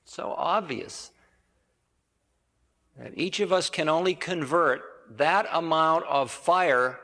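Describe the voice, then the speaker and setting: A man's voice: a little high, slow, bright, forceful tone. A man giving a spiritual storytelling lecture in a rambling, conversational way, correcting himself and adding asides. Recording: reverberant 1980 hall recording.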